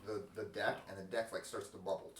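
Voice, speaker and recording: A man narrating as dungeon master in a halting, casual way, full of restarts and fillers. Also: on the low side, little pitch movement, roomy sound, recorded from a distance, over a noisy crowd. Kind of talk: narrating a tabletop game.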